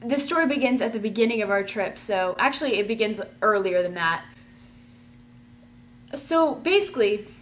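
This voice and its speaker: A woman telling a rambling, chatty storytime, full of "like" and excited gushing. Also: medium pitch, slight background noise. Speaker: vlogger. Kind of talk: casual storytime.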